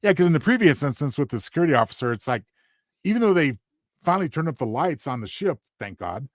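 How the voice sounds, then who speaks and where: A man co-hosting a casual review podcast, explaining his points in a relaxed way. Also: fairly high pitch, quick pace, dry recording, clean studio sound. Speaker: podcast co-host.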